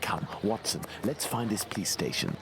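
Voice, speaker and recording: An actor playing a calm, formal, self-assured male detective in a video game. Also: fairly low pitch, normal speed, creaky, background noise. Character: calm, cerebral male detective Sherlock Holmes.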